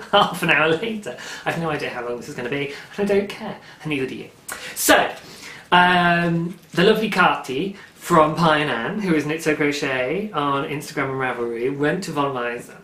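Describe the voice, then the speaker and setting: A man's voice: a little high, normal speed, sharp tone. A young man hosting a knitting podcast, talking in a rambling, chatty way and laughing often. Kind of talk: casual chat. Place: indoor room at home, daylight. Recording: roomy echo.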